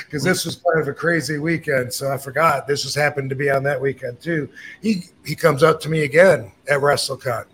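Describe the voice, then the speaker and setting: A man's voice: fairly high pitch, fairly bright tone, slight background noise. A middle-aged man telling a story in casual chat, blunt and profane, acting out the lines he quotes. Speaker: podcast host telling a story.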